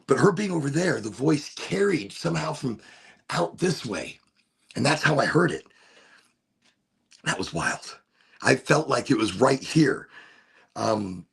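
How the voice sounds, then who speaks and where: A man with a rough, gravelly and very husky voice hosts his podcast from a room at home. He talks in a loose, rambling way. His pitch swings widely from low to high, and he keeps cutting himself off and restarting sentences. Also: big pitch swings, moderate pace. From Florida. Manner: rambling, self-interrupting, laid-back. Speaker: podcast host. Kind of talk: casual solo chat. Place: home room with window cracked.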